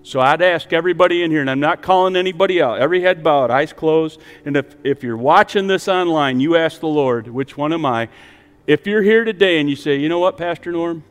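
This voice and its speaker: A male pastor preaching a sermon in a church, rising to emphatic peaks and then dropping to a soft, quiet voice to lead prayer. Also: on the high side, fairly quick, hardly any pauses, smooth, big-room sound. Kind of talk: sermon with altar call. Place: church sanctuary with online stream.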